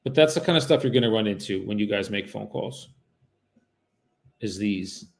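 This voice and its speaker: Lowish, gravelly and animated, this man's voice comes through poor audio at a moderate clip. He's a real estate agent livestreaming his cold calls, joking loosely with viewers between dials and switching to a courteous, friendly manner on the line, frequently trailing off and starting again.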